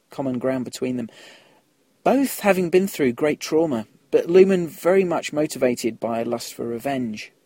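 Husky guy on a podcast reading listener mail, chatty, dry close sound. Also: mid-range voice, a little mellow, no echo. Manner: chatty, laughs at his own slips. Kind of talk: casual podcast commentary.

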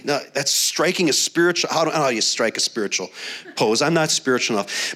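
A man's voice: fairly high pitch, big pitch swings, a little fast, a bit bright. A middle-aged man preaching a sermon in a conversational, storytelling way, often restarting phrases. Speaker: pastor.

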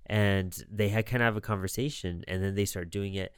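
A man's voice: on the low side, steady tone, a little fast, smooth, dry recording, clean studio sound. A man chatting casually about old horror films, rambling and swearing now and then.

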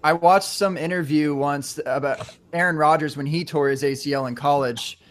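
A man hosting a casual sports chat, rambling and halting with lots of fillers. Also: a little high, fairly even intonation.

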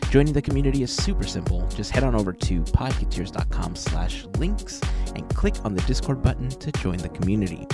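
An upbeat man delivers a scripted podcast intro, thanking supporters and welcoming listeners. A clear music bed plays under his voice throughout. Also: on the low side, sing-song, a little fast. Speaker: podcast host.

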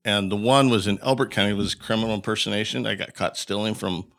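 Podcast guest, middle-aged man from Colorado, gravelly and bright, animated storyteller. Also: on the low side, fast. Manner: animated storyteller acting out quoted dialogue. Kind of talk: storytelling in an interview.

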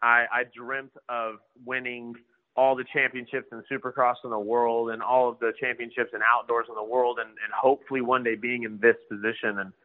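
A man's voice: mid-range voice, flat delivery, a little fast, phone-quality sound. Laid-back man, phone-thin sound. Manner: laid-back, slangy, acts out quoted dialogue. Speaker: motocross rider and trainer. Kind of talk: casual storytelling interview.

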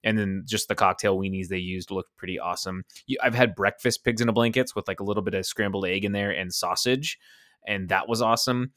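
A man's voice: lowish voice, fairly quick, fairly bright tone. A man co-hosting a podcast, chatting casually and talking himself in circles. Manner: rambling, second-guessing himself. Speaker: podcast co-host. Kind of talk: casual chat.

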